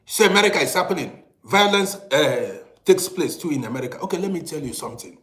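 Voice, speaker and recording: A man with a Nigerian accent delivers a heated video rant, hammering his viewers with repeated rhetorical questions. His voice sits high and leaps around in pitch. The sound bounces off the walls of an echoey room. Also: lively intonation, fast talker, a bit bright. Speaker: vlogger. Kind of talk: ranting commentary video. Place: indoors in Europe.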